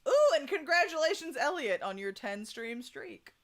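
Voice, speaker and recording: A woman's voice: high voice, animated, moderate pace, fairly bright tone. Giddy young woman streamer. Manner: giddy, gushing, swears casually. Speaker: let's play streamer. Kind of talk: casual gaming commentary. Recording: game music underneath.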